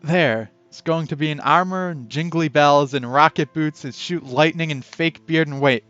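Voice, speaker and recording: A man reads a text game aloud during a casual playthrough, chatting and breaking off to add his own comments. His voice is a little high, a bit bright, and clean, at a moderate pace with no room sound, though the audio is dull and lo-fi with faint music.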